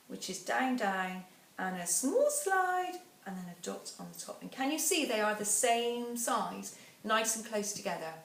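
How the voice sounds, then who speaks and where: A woman teacher giving a phonics dictation lesson, counting down and sounding out words slowly and patiently. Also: mid-range voice, fairly bright tone. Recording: echoey room, voice a bit far from the mic, faint background noise.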